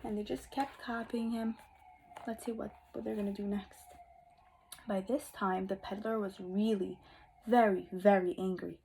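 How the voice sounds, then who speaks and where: A woman teacher reading a picture book aloud to young children, expressive and asking them questions, dropping to whispers for asides. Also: medium pitch, a little slow, creaky, a little hiss or hum, low-quality recording. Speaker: kindergarten teacher.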